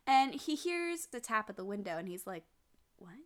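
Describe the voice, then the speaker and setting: A woman's voice: medium pitch, moderate pace. A woman co-hosting a casual podcast, recapping an anime episode and acting out the characters' lines with lots of laughter. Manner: animated, acts out characters' lines, laughs a lot. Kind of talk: casual chat.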